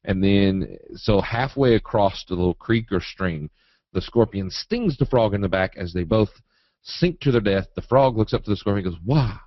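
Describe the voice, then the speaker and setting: A man teaching a live trading webinar in a folksy, animated way, acting out quotes and chart moves. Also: on the low side, normal speed, no room sound. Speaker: trading educator. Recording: dull, dry webinar audio.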